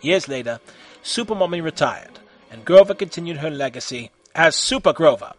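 A man narrating a comic story in a deadpan, matter-of-fact way. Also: on the high side, moderate pace, soft background music.

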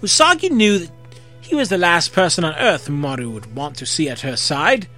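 Expressive male fan fiction reader. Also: on the high side, normal speed, soft background music. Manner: expressive, occasional slips and rereads. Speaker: narrator. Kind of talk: reading fan fiction aloud.

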